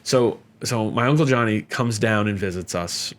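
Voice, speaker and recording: A middle-aged man as a podcast guest, telling stories casually with lots of fillers and animated jumps in pitch whenever he quotes someone. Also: normal speed. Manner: animated, jumps up in pitch when quoting others; chatty with many fillers. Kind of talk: casual storytelling.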